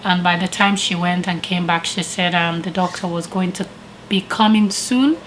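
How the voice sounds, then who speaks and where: A woman vlogger casually telling a personal story with animated retellings and frequent laughter. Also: on the low side, moderate pace, a little hiss or hum, rough recording. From living in Canada.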